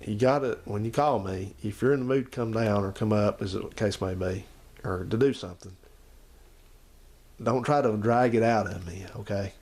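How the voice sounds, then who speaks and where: A man's voice: lowish voice, moderate pace, a little mellow. A man, chatting casually to the camera and his uncle in a rambling, repetitive way. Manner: rambling, repeats himself, talks to his uncle and the viewers. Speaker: channel host.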